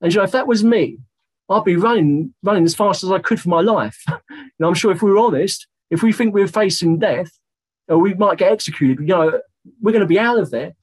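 Male Bible teacher, husky and fairly high, chatty with fillers, slows down to read verses aloud. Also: rough recording. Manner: conversational, many "you know" fillers, slows down to read scripture aloud.

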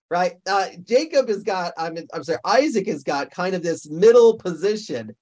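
A man's voice: sits high, animated, normal speed, few pauses, a little mellow. A man preaching a sermon and reading scripture aloud, casual and conversational, often correcting himself mid-sentence. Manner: conversational, restarts and self-corrections. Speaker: pastor.

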